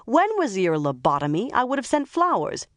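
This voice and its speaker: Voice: medium pitch, big pitch swings, normal speed, dry recording, studio quality, pitched above the performer's own voice. A narrator doing a tough, sarcastic female police chief. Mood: impatient, sarcastic. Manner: sharp, sarcastic and impatient.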